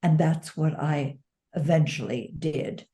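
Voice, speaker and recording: A woman's voice: low voice, steady tone, slow, warm tone. A woman who is an author and dementia advocate, speaking as an interview guest in an earnest, reflective way, stressing key words. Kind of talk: conversational interview.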